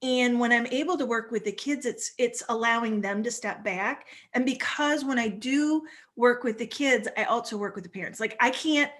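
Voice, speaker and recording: A woman in her forties, a family stress coach, talking in an animated, conversational way as a guest speaker. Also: on the high side, normal speed, few pauses. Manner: animated, acts out little voices while explaining. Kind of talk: conversational talk.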